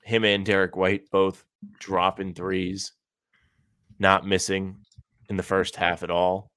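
A man co-hosting a sports podcast, giving steady, measured analysis of a game. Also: sits low, clean tone, no echo, studio quality. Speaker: podcast co-host.

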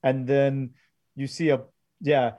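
A man narrating a tabletop game as game master, often pausing and restarting. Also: mid-range voice, flat delivery, highs cut off. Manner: halting, filler-heavy narration.

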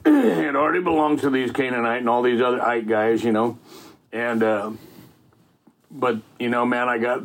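Gravelly, folksy middle-aged man. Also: medium pitch, moderate pace. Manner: rambling and folksy, peppered with "man" and "you know". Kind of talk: casual faith storytelling.

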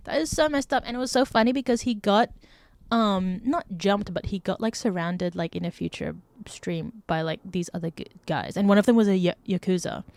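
A woman hosts a casual solo podcast in a mid-range voice. She tells stories full of "like" fillers and breaks into animated, indignant outbursts. The recording is close and dry. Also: mid-range voice, a little fast, no room sound. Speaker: podcast host.

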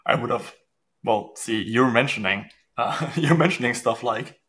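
A man from Germany hosts a podcast with an easygoing, joking manner. His voice sits at a middle pitch, and his talk is loose and full of fillers. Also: measured pace, fairly bright tone, slightly rough. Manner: chatty, joking, filler-heavy. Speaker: podcast host. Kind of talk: casual podcast interview.

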